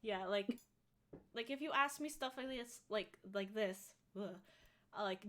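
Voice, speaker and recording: A woman's voice: medium pitch, slow. A woman in her twenties co-hosting a podcast, chatting casually and rambling with lots of fillers. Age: 20s. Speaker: podcast co-host. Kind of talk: casual chat.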